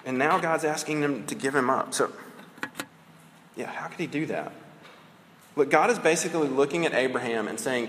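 A man preaching a sermon in a casual, conversational way. He often tags his points with "right?" and slows down to stress key phrases. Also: medium pitch, a bit bright, slight background noise. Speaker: pastor. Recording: long hall reverb with faint ambience.

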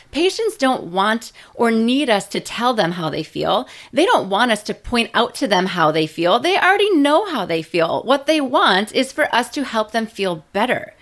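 A woman nurse educator teaching in a casual, conversational way, often checking in with "right?" and stressing points with lively emphasis. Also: on the high side. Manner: conversational, frequent "right?" and "you know" tags.

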